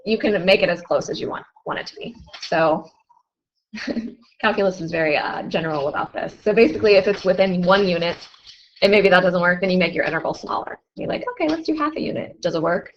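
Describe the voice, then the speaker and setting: A woman's voice: on the low side, steady tone, brisk, muffled recording. A young woman teaching a math class, chatty and often asking her students questions. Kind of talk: classroom lecture.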